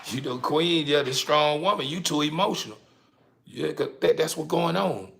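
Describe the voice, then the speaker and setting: Gravelly man ranting on a livestream. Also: on the high side, moderate pace, a bit bright. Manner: repetitive, stumbling, profane, laughing. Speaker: livestream host. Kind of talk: casual ranting livestream monologue.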